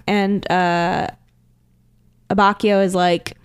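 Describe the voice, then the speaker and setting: A woman's voice: mid-range voice, lively intonation, moderate pace. A woman co-hosting a podcast, recapping an episode in casual chat, rambling with many fillers and acting out the characters' lines. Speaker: podcast co-host.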